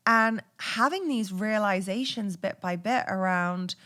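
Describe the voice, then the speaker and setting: A podcast host talks through her own story in a relaxed confessional monologue. She is blunt and candid, drops swear words freely, and laughs often between her thoughts. Her pitch sits in the middle for a woman. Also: measured pace, hardly any pauses.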